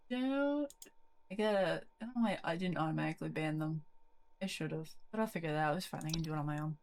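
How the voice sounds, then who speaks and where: A young woman chats casually on a live stream from her bedroom, rambling and giggling as she goes and swearing freely. Her voice sits at a middle pitch. A faint hum of room sound stays behind her. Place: bedroom at a desk.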